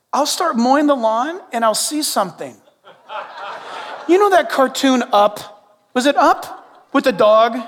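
Middle-aged man, pastor; lively sermon delivery with quiet asides; high voice, big reverberant sanctuary. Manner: animated, humorous, shifts between loud and hushed. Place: church sanctuary. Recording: long reverb in a large hall.

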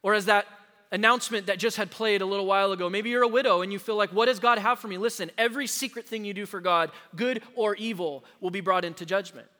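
A man pastor preaching a sermon to his congregation, emphatic and slowing down to stress key words, recorded in a church sanctuary. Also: high-pitched, sharp tone. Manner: addresses the congregation directly. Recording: long hall reverb.

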